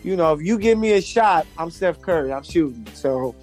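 A man's voice: fairly high pitch, expressive, normal speed, darkish tone, soft background music. A man hosting a casual chat podcast, talking in a laid-back, slangy way with friends. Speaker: podcast host.

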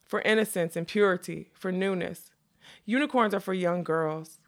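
A woman's voice: fairly low pitch, moderate pace, close to an everyday voice. A woman narrator voicing a proud, wistful young male magician who speaks earnestly and insistently, in an audiobook. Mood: cold. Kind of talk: audiobook character reading.

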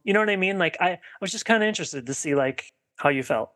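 Rambling higher-voiced man. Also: expressive, quick pace, sharp tone. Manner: rambling, heavy on filler "like" and restarts. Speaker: podcast co-host. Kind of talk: casual film discussion.

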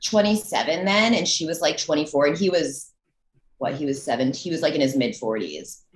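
A woman in her thirties talks frankly as a guest on a casual podcast, poking fun at herself and swearing freely. Her voice is notably low. The sound carries a roomy echo around it. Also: expressive, brisk, noisy background. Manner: candid, self-deprecating, swears casually. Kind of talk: casual chat.

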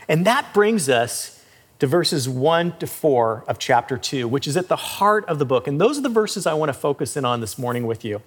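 A man's voice: high-pitched, animated, fairly quick, slightly rough, long reverb tail. A pastor preaching a conversational sermon, his voice jumping up when he voices a prophet's anguished cries.

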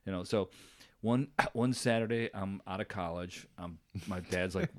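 A man's voice: low-pitched, unhurried. A young man co-hosting a podcast, telling a story with lots of laughter and swearing. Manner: animated, laughs a lot, swears freely. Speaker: podcast co-host. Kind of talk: casual storytelling chat.

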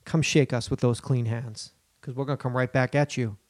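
A medium-pitched man co-hosts a comedy podcast at a normal speed, recorded dry and at studio quality. He's animated and profane, riffing loosely with plenty of swearing, jokey asides, bits and put-on voices in casual comedic banter.

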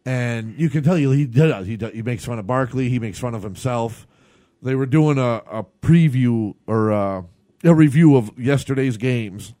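A man's voice: medium pitch, moderate pace, dark tone. A man co-hosting a casual comedy podcast, rambling with many restarts and laughing often. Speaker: podcast co-host.

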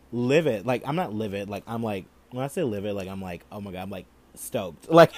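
A young man hosting a casual gossip podcast, talking in an animated, campy way with lots of swearing and laughter. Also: mid-range voice, moderate pace, no echo. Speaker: podcast host.

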